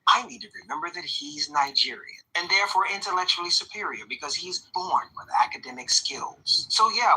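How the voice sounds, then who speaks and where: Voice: medium pitch, pushed and bright, husky, poor audio. An online commentator telling a story in a sly, dry way that builds to a punchline. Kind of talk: scripted storytelling monologue.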